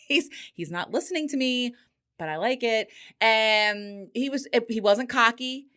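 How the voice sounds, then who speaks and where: Lively, bright-voiced woman podcast host. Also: on the high side, normal speed. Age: middle-aged. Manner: animated, laughing, swearing freely. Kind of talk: casual storytelling.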